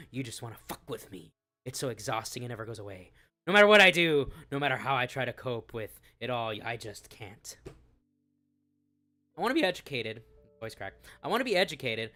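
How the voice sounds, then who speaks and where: Guy doing youtube commentary, bright voice, reads tweets mockingly, swears a lot, faint music under. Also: medium pitch. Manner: profane, sarcastic, laughing often. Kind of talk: reading messages aloud with commentary.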